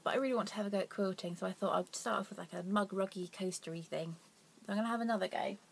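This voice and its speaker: A woman's voice: medium pitch, racing, vocal fry, slight background noise. A young woman hosting a casual knitting vlog, rambling and self-deprecating, with her voice dropping to near whispers at times. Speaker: knitting podcast host.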